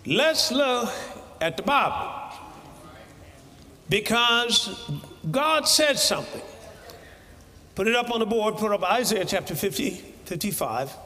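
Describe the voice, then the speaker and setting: A man preaching a sermon in a church, animated and breaking into shouted bursts. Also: sits high, slow, long pauses, in a large hall.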